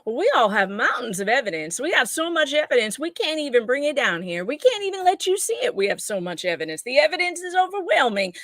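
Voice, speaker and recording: A woman's voice: high voice, very animated, fast talker, hardly any pauses, a bit bright, no echo, exaggerated voice. Woman playing a boastful, evasive Southern man, a prosecutor with a drawl and bluster, dry close sound. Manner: drawling, brash, repetitive bragging.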